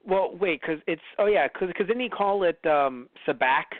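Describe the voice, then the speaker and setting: A man's voice: sits high, expressive, normal speed, no room sound. A man co-hosting a podcast in casual chat, rambling with many fillers and restarts and acting out quoted lines in shifting voices. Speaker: podcast co-host. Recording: dry, phone-like lo-fi sound.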